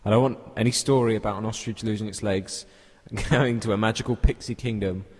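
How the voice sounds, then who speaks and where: A man's voice: lowish voice, fairly even intonation, a little fast, darkish tone, long reverb tail. A man hosting a podcast in casual chat, teasing his guests and cutting in on them. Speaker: podcast host.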